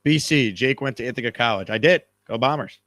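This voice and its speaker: Guy hosting a live sports stream, bright crisp voice, dry close mic, rambly and jokey. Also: medium pitch, fairly quick, no echo. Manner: rambling, joking, repeats words. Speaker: host.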